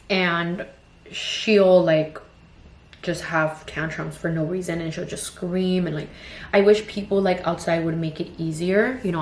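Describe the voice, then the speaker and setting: A young woman in her twenties talks about motherhood in a loose, rambling get-ready-with-me vent, full of "like" and "you know". Her voice sits on the low side. The recording is echoey, with a faint ambient hum behind her. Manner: rambling, frank, heavy use of "like" and "you know". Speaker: vlogger and mother of two toddlers. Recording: roomy echo with faint ambience.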